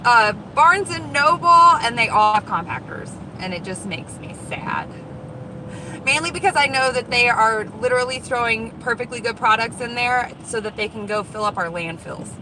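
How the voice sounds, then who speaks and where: A high-pitched woman chats excitedly to her live-stream viewers as she goes from one parking lot to the next. Her talk is casual and quick to react. Loud car and street noise runs under her phone recording. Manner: chatty and excitable, talks to viewers. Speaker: vlog host, dumpster diver. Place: outdoors around store lots and in a car.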